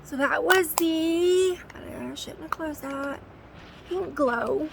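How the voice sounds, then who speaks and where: A woman chatting casually through a makeup routine at home, murmuring soft comfort to her dog between steps. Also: high voice, slow pace, vocal fry, background noise. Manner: chatty, with quiet soothing asides to a dog. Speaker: makeup vlogger. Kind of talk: casual makeup tutorial chat. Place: indoors at home, sitting on a bed. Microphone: phone.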